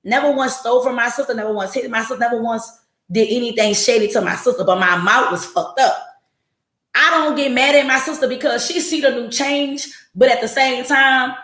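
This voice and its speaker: Woman in her forties, blunt and profane, slightly high voice, echoey room. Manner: blunt, profane and animated, jumping into quoted voices. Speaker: podcast host. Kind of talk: casual monologue to a live audience.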